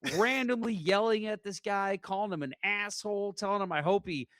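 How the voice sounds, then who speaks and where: A man from St. Louis hosting a podcast in casual chat, an animated storyteller who acts out the voices he quotes. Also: high voice, normal speed, no echo, clean studio sound. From St. Louis, USA. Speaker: podcast host.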